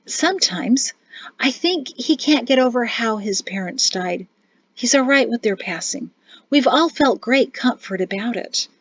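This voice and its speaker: A woman's voice: on the high side, lively intonation, measured pace, a bit bright, slightly rough, no echo, exaggerated voice. A woman voicing a firm, brave mother. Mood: worried. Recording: dull, dry recording.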